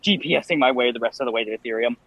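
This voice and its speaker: Husky, hesitant man playing a tabletop game. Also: mid-range voice, very fast, fairly bright tone, low-quality recording. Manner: hesitant, full of fillers. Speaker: player. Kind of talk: casual in-character play.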